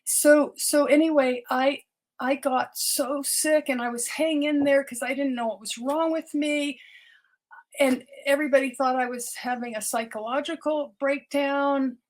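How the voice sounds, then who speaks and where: A woman's voice: high-pitched, fairly even intonation, a little slow. An older woman, a doctor, telling her personal story as a podcast guest, earnest and often repeating words as she restarts her sentences.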